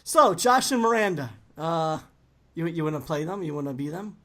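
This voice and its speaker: A man's voice: a little high, lively intonation, moderate pace, a crowd in the background. A man hosting a podcast, chatting casually and playfully, often laughing. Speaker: podcast host. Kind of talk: casual chat.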